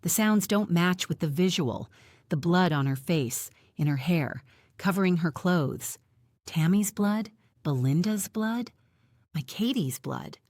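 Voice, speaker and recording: A woman reading a first-person audiobook in a tense, measured storytelling manner, close to the mic. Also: on the low side, expressive, a little mellow, no room sound. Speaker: audiobook narrator.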